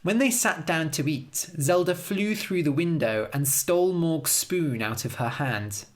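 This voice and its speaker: A woman narrating a story for English learners as a scripted read-aloud, with an expressive, lively delivery. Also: deep voice, a little slow.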